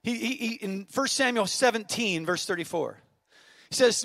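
A man in his fifties, a pastor preaching a sermon, telling a story and then building to fervent shouted exhortation. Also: sits high, lively intonation, normal speed, creaky, no room sound. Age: 50s. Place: church auditorium.

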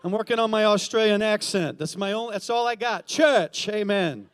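Middle-aged guy from california preaching, high voice, upbeat, jokes and amens. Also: moderate pace. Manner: energetic, joking, calls for amens. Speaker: guest pastor. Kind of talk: sermon.

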